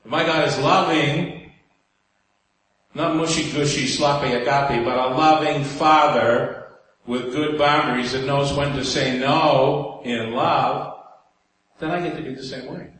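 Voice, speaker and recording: A man's voice: medium pitch, steady tone, unhurried, fairly bright tone. A man with a New York accent preaching a sermon in a conversational way, putting rhetorical questions to the congregation. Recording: very echoey hall, faint room noise.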